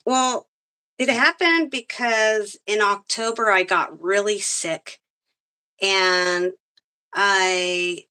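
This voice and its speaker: A woman telling her fishing story in a casual interview, lively and quick to laugh. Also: medium pitch, clean tone. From grew up on military bases. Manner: animated, laughs often, acts out quotes. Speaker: guest angler.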